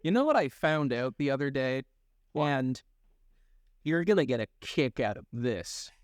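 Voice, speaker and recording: A young man co-hosting a podcast in casual chat, animated and laughing often, with quick swings in pitch. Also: no echo, studio quality. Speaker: podcast co-host.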